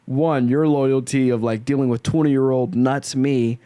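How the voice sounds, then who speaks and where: A man in his twenties hosting a podcast, telling stories in a lively, casual way and laughing often. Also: mid-range voice, measured pace, smooth, no echo. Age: 20s. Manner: animated storytelling, laughs often. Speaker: podcast host.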